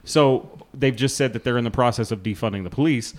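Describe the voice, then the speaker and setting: A man's voice: medium pitch, brisk. A man co-hosting a casual podcast, arguing heatedly and swearing freely, with a Texan accent. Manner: animated, argumentative, swears freely. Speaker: podcast co-host.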